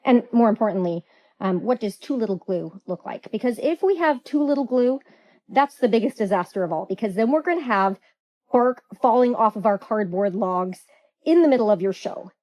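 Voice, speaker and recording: A woman hosting a hands-on craft tutorial, chatty, playful and quick to get excited. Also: on the high side, rough recording.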